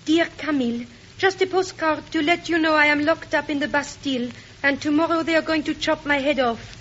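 An actress playing a melodramatic young marquise, gasping and pleading. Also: female voice, high voice, a little fast, a bit bright. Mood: anxious. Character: melodramatic young French marquise, a new wife. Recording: muffled old broadcast, hiss, audience laughter.

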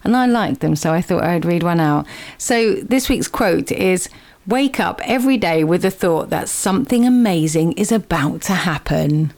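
A woman's voice: fairly low pitch, lively intonation, normal speed, darkish tone. A woman hosting a community radio chat show, chatty and upbeat, laughing easily with her guests.

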